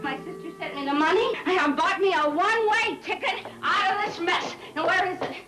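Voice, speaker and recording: An actress playing a drunk, lonely, bitter wife who slurs and breaks into tearful shouting. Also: female voice, extremely high pitch, brisk, loud music behind the voice, low-quality recording. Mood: defiant. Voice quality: slurred, tearful, shouting outbursts.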